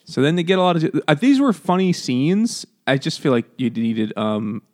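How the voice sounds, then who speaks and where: A man co-hosting a casual comedy book podcast, laughing often and acting out the characters in quick put-on voices. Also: a little high, big pitch swings, darkish tone. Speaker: podcast co-host.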